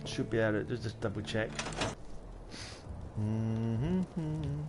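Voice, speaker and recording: A man's voice: on the low side, flat delivery, fast talker, over loud music. Chatty man muttering while gaming. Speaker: game streamer. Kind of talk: casual livestream chat while playing.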